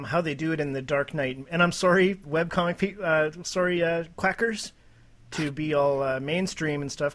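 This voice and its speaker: A man's voice: fairly high pitch, fairly bright tone. A man co-hosting a podcast in casual, enthusiastic chat, with frequent restarts. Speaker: podcast co-host.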